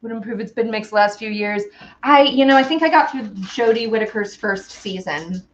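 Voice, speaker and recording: A woman's voice: mid-range voice, normal speed, highs cut off. A woman hosting a casual baking stream, chatting bubbly with viewers and a small child. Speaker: baking show host. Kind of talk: casual baking livestream chat.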